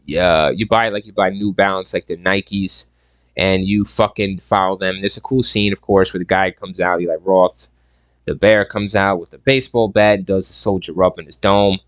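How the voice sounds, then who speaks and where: A man's voice: low voice, fairly even intonation, normal speed, clean tone, no echo, lo-fi sound. A man giving a casual, profane and rambling movie review rant, sarcastic and full of restarts.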